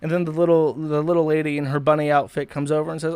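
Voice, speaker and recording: A man's voice: on the high side, little pitch movement, fast talker, darkish tone, clean tone, dry recording. A man hosting a livestream, ranting in a profane, mocking, rambling way. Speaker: streamer host. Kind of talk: livestream commentary rant.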